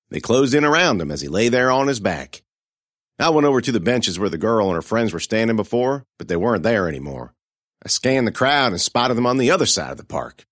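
A man reads a first-person horror story in a dramatic, expressive style. His low voice moves widely in pitch, and the recording is dry and close with no room sound. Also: no room sound.

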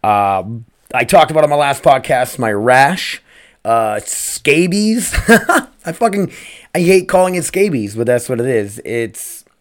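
A male podcast host talking off the cuff at a middle pitch. He rambles, swears freely and keeps tossing in "man" and "dude". His tone stays earnest and upbeat. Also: lively intonation, measured pace. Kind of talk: casual solo podcast talk.

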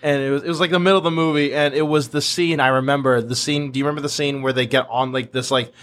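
A man's voice: mid-range voice, fairly even intonation, fast, fairly bright tone. A young man co-hosting a podcast, reminiscing in loose, rambling casual chat. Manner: rambling, many fillers. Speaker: podcast co-host.

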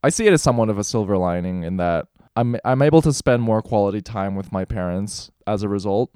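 Candid, profane young man, smooth voice. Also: fairly low pitch, quick pace, dark tone, dry recording, clean studio sound. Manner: candid, profane storytelling, voices for quoted people. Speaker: podcast co-host. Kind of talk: casual podcast chat.

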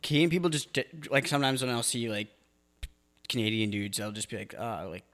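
Young man, laid-back, halting, trails off, casual banter. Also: medium pitch, fairly bright tone.

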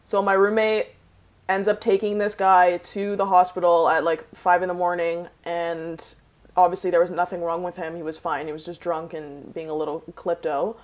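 A young woman telling an anecdote in casual chat, animated and full of fillers like "like". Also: fairly low pitch, moderate pace. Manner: animated, filler-heavy, acts out dialogue.

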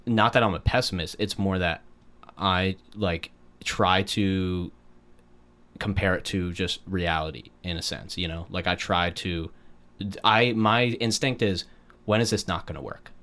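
A man's voice: deep voice, measured pace, fairly bright tone. A man in casual conversation, reflective and rambling, full of restarts and fillers.

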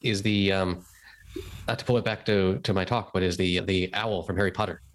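Man, lowish voice, casual chat, hesitant, restarts sentences, dry humor. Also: fairly even intonation, a little fast, a little hiss or hum.

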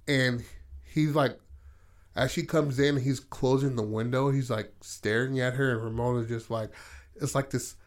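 Profane laid-back man pitching a story. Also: steady tone, a little slow. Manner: loose, profane, acts out characters' lines. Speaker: podcast host. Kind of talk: casual storytelling, pitching a film idea.

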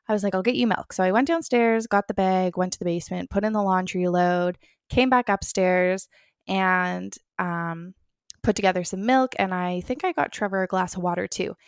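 A woman's voice: on the low side, no room sound, clean studio sound. A young woman telling a personal story in a casual, chatty way, full of filler words and acting out her own past thoughts. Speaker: vlogger.

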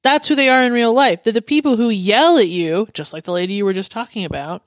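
A woman's voice: on the high side, lively intonation, fast talker, no room sound, clean studio sound. A woman co-hosting a podcast in casual chat, speaking in a blunt, opinionated way. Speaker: podcast co-host.

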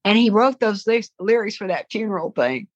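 An older woman from the American South, a voice-over actress, tells rambling, aside-filled stories in a casual interview. Her mid-range voice has lively intonation and moves a little fast, with the highs cut off.

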